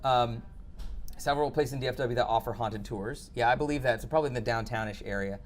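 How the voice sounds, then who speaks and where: A young man hosting a casual podcast from a home studio, reading chat messages and swearing freely, with excitable jumps in pitch. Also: fast, a little hiss or hum. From Texas.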